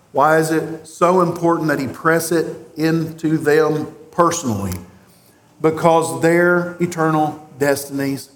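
A pastor delivering an emphatic sermon, with rhetorical questions and long pauses. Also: male voice, a little high. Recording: roomy echo.

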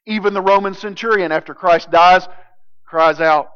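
A man preaching a sermon as pastor, emphatic, swinging from loud declarations to hushed intensity. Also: high voice, steady tone, moderate pace, clear, resonant tone, dull audio.

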